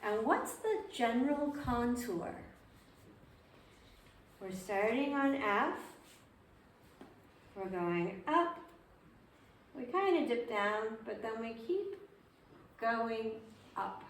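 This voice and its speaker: A woman's voice: fairly high pitch, big pitch swings, slow, long pauses. A woman leads a group violin lesson, patiently walking her students through a melody and asking them questions as she goes. She sounds a bit distant from the mic, in an echoey room with a faint hum behind her. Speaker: violin teacher. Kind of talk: group music theory lesson.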